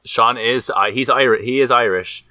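A man's voice: mid-range voice, normal speed, pushed and bright, no room sound. A man co-hosting a podcast in casual banter, goofy and rambling, with hesitant restarts. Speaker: podcast co-host.

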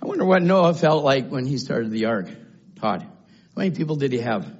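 An older man preaching a fiery sermon, shouting at times and then dropping to low murmurs. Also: animated, a little fast, breathy edge. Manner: shouting, swinging from low murmurs to high cries. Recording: dull lo-fi sound.

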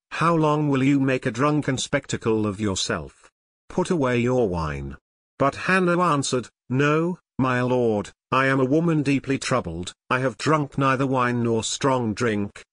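A man reading a scripture passage aloud in a measured, even way for a church service. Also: medium pitch, no room sound. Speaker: scripture reader.

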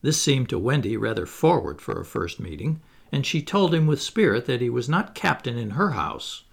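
Gravelly, husky storybook narrator, man. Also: medium pitch, very animated, moderate pace. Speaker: audiobook reader.

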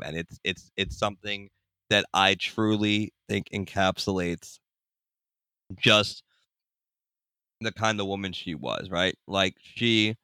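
A young man, a podcast guest, telling a personal story in a casual, animated way, acting out the people in it. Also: low-pitched, dry recording, clean studio sound. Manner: animated, acts out voices in anecdotes.

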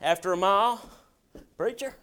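A man preaching a sermon in a folksy, emphatic way, with shouts at times. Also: high voice, normal speed, clean tone. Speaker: pastor.

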